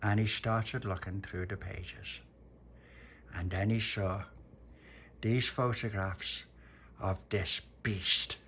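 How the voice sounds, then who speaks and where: A man telling a homemade bedtime story in a playful way, sometimes slipping into squeaky character voices. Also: steady tone, takes it slowly, pauses often, pushed and bright, a little hiss or hum.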